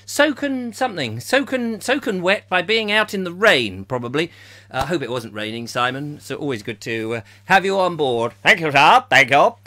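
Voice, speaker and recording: A man's voice: fairly high pitch, animated, normal speed, sharp tone. A middle-aged man from England hosting a comic live chat show, rambling and joking while reading out viewers' comments. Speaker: host.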